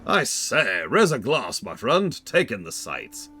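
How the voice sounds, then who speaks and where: A man's voice: mid-range voice, wildly swooping pitch, takes it slowly, sharp tone, a little hiss or hum, pitched above the performer's own voice, full character voice. A man doing a smug German-accented speculator. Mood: jovial. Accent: exaggerated German. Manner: jovial, grand. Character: smug wealthy male speculator, jovial and scheming.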